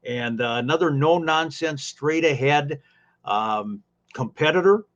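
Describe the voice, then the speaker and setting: A man co-hosting a podcast, an unhurried storyteller who drifts into folksy asides and fillers. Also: a little high, muffled recording. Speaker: podcast co-host, former ring announcer. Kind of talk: casual podcast chat.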